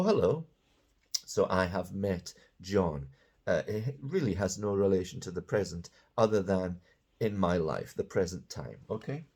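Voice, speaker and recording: A man's voice: sits low, darkish tone, slightly rough. A man teaching English grammar, patiently explaining example sentences and checking in with "okay?". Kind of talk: grammar lesson.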